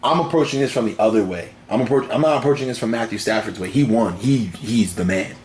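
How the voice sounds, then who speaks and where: Rambling and storytelling with lots of laughter, this young co-host of a casual sports podcast talks fast in a slightly mellow, lowish voice.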